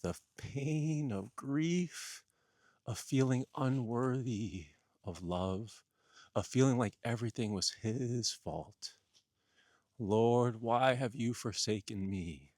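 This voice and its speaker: A man delivers an earnest spiritual teaching in a low, unhurried voice. He piles up repeated phrases for emphasis. The sound is close and dry. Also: no room sound. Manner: earnest, repetitive, emphatic listing.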